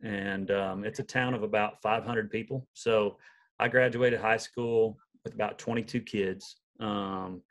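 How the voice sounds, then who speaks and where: Young male country singer, twang, lowish pitch, earnest folksy guest telling stories. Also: fairly even intonation, measured pace, lo-fi sound. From Southern Illinois, USA. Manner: earnest, folksy, rambling storyteller. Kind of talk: casual podcast interview.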